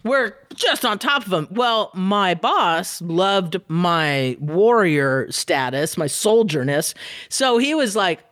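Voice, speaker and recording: A woman radio DJ telling an animated, profane anecdote as a guest, laughing as she goes. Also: fairly low pitch, slow, dry recording, clean studio sound. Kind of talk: storytelling anecdote.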